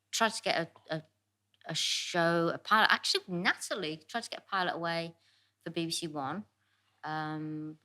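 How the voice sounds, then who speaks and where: Bright-voiced hesitant woman guest. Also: sits low. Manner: hesitant, with many fillers. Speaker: podcast guest, TV writer. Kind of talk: casual pub chat.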